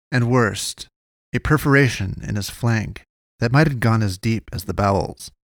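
A man narrating a dark fantasy story in a measured, deliberate reading. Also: lowish voice, no room sound, studio quality. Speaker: audiobook narrator. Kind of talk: scripted fiction narration.

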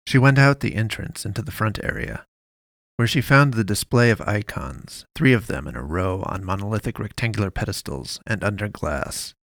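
A man narrates a dark story in a steady, measured reading. His voice sits low with a gravelly, creaky texture. The recording is dry and close, with no room sound. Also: dry recording.

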